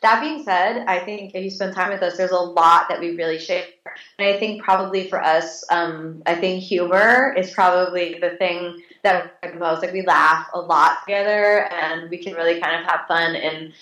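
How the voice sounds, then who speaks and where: In an echoey room, a woman in her late thirties tells stories casually and animatedly as an interview guest, restarting often and using lots of fillers. Her voice is fairly low and fairly bright, with fairly even intonation and a moderate pace.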